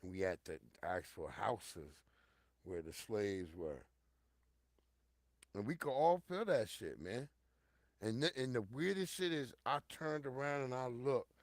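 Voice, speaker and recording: A middle-aged man hosting a show, telling a personal story in a casual, profane monologue, talking straight to his listeners and swinging from loud outbursts to hushed low tones. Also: lively intonation, measured pace, no echo, clean studio sound. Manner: addresses listeners directly and repeatedly.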